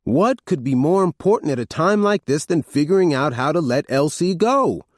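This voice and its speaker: Insistent brother, voiced by a male narrator, higher pitch, pushing hard, dry close recording. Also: expressive, normal speed, no room sound. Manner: insistent, pleading. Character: insistent grown son, man.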